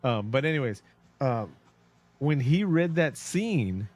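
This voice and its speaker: A man co-hosting a casual podcast about a film, retelling scenes with animated storytelling and acted-out quotes. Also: mid-range voice, slow, no echo. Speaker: podcast co-host.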